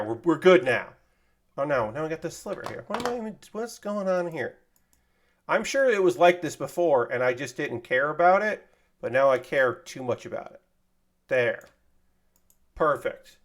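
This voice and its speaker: A man's voice: on the high side, lively intonation, moderate pace. A man chatting casually on a livestream while building a model kit, thanking viewers by name and joking to himself. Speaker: streamer building model kits.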